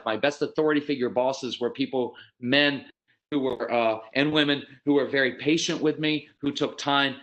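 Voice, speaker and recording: A man in his fifties giving a seminar talk to parents, telling stories animatedly, acting out quotes and repeating words as he starts sentences. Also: medium pitch. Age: 50s. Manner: animated storytelling, acts out quotes. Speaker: parenting speaker.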